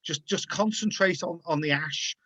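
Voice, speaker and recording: A man's voice: on the high side, moderate pace, sharp tone, muffled recording. A man hosting a casual video-call chat show, chatty and encouraging, often repeating his words. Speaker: host.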